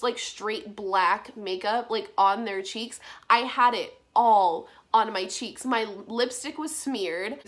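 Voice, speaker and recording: A woman's voice: a little high, a bit bright. A young woman vlogger telling a personal storytime casually, chatty, full of "like" and casual swearing. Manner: chatty, frequent "like", swears casually, emotional retelling.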